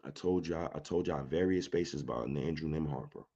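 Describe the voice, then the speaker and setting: A man's voice: rumbling low, moderate pace, gravelly, mellow, lo-fi sound. A man hosting a solo sports podcast, talking in a heated, slangy and emphatic rant.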